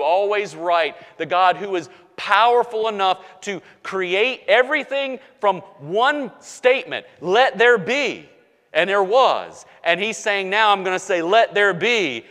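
Male pastor, high voice, slow emphatic sermon delivery that drops to hushed lines and builds back up, church hall reverb. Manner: emphatic preaching with repetition, swinging from hushed to loud.

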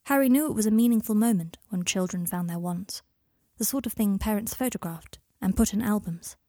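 A woman reading a story aloud in a calm, even storytelling manner. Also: mid-range voice, fairly quick, no echo, studio quality. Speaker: audiobook reader. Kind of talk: scripted narration.

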